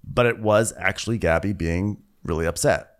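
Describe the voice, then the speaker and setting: A man co-hosting a comedic reality TV recap, dry and wry, slipping into high mocking voices to quote people. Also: normal speed. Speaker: podcast co-host.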